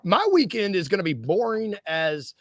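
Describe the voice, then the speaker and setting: Male podcast co-host, high bright voice, rambling, self-mocking, dry close mic. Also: very animated, no room sound. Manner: rambling, self-deprecating, quick jokes. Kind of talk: casual sports podcast chat.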